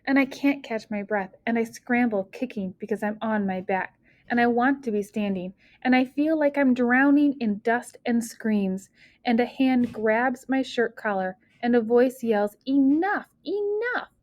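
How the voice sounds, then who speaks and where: Expressive woman reading an audiobook. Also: fairly high pitch, measured pace, no room sound, highs cut off. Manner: expressive, shifting pace with the story. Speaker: audiobook narrator. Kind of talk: first-person audiobook narration.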